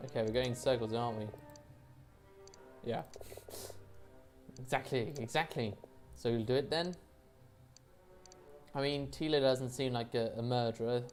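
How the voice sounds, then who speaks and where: Woman host with a very deep voice, self-deprecating let's play chatter, faint game music. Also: measured pace, pauses often, a little mellow. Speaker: gaming channel host. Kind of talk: let's play commentary and reading aloud.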